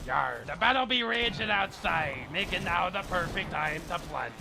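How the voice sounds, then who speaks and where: A man voicing a boastful old pirate captain with a gravelly, growling voice over game commentary. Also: high-pitched, expressive, normal speed, very noisy. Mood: scheming. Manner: theatrical, bellowing with hearty laughs. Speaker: gamer. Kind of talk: let's play commentary. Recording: game gunfire behind voice.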